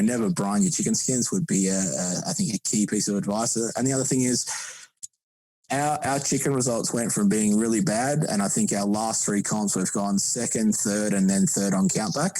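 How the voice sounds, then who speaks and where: Mellow-voiced man, chatty. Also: fairly low pitch, no echo, rough recording. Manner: chatty, rambling with frequent restarts. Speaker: podcast guest, barbecue competitor. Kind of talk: casual podcast interview.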